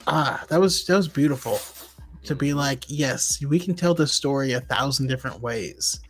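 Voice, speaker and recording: A man co-hosting a podcast, animated and laughing easily as he chats. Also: mid-range voice, moderate pace, faint music behind. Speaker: podcast co-host. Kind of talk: casual chat.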